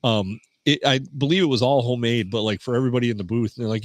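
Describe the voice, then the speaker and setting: A man in a podcast studio telling relaxed, rambling anecdotes in casual chat. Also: mid-range voice, quick pace, no room sound.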